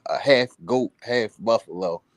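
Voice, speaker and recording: A man's voice: on the low side, a little slow, no echo. A man joining a live stream as a caller, playfully insisting in casual chat.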